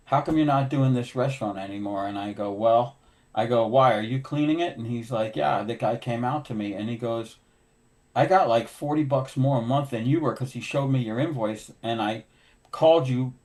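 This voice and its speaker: A man's voice: medium pitch, moderate pace. Middle-aged man telling shop stories. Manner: animated storyteller acting out dialogue. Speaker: podcast host, window cleaner. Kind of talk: casual storytelling chat.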